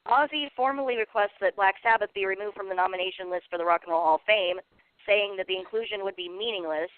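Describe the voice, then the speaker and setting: A man's voice: high-pitched, fast, clean tone, dry recording. A man hosts a radio talk show, reading out news items between bursts of laughter and plenty of uhs. The voice is dry and close, squeezed into a tinny phone-like band. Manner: reads news items, laughs often, hesitant fillers. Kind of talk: casual comedic radio chat.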